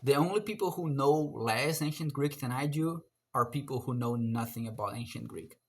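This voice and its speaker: A young man talking casually on his own about his hobby, excitable and self-mocking, his voice jumping up loudly at times. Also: normal speed, breathy edge. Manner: excitable, self-mocking, with sudden loud jumps in pitch. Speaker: language learner vlogger. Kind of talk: casual solo monologue.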